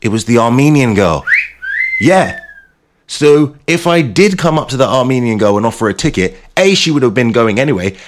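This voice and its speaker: A man's voice: mid-range voice, normal speed. A man hosting his show, telling playful comic stories in a casual monologue. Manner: animated, playful storytelling. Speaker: show host.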